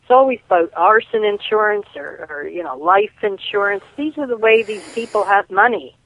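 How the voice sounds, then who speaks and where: A woman's voice: medium pitch, expressive, moderate pace, a bit bright, dry recording. A woman calling in to an interview, telling stories in a rambling way with many restarts, over a tinny phone line. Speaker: caller and guest.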